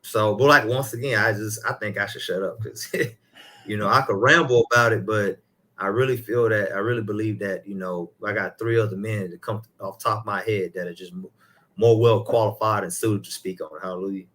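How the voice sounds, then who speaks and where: A man's voice: fairly low pitch, fairly even intonation, brisk, a bit bright. A man, an elder of a ministry, talking casually about faith and his own life, rambling and putting in a hallelujah now and then.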